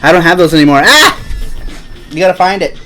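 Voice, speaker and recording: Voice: mid-range voice, very animated, brisk, sharp tone, faint music behind, low-quality recording. Playful, teasing live-stream host. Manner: playful, teasing, jumps between topics. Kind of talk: casual live-stream chat.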